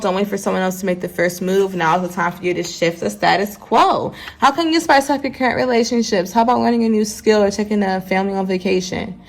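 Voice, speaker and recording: A woman's voice: medium pitch, slight background noise. A woman giving a casual tarot reading to her viewers, chatty and mixing readings from the deck's guidebook with asides to the audience. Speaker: tarot card reader.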